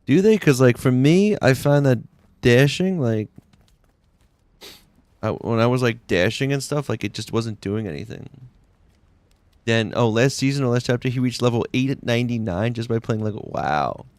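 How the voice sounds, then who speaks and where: A man's voice: medium pitch, lively intonation, normal speed, darkish tone, dry recording. A man live-streaming a game, chatting casually in a rambling, slangy way full of "like"s. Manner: laid-back, rambling, slangy with many "like"s. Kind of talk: casual live-stream chat while playing.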